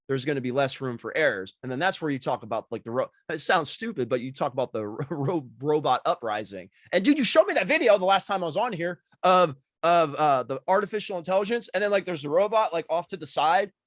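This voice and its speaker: A man with a lively, up-and-down voice rambles through his points as a podcast guest. He packs his speech with filler words, and the sound is dry and close. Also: fairly high pitch, fast talker, hardly any pauses, no echo. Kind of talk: casual podcast chat.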